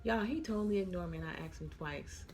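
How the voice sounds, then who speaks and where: A woman's voice: fairly low pitch, fast talker, a little mellow, soft background music. A young woman flight attendant chats casually to her viewers, tired and yawning, calling them y'all. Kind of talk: casual chat to camera.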